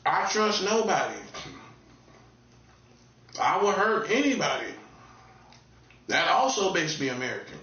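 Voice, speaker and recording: A man's voice: high-pitched, big pitch swings, unhurried, pauses often, bright, forceful tone. A man from North Carolina with a Southern accent, talking in a casual, laid-back, repetitive monologue with a warning tone. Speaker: online commentator. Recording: distant, echoey, dull lo-fi room sound.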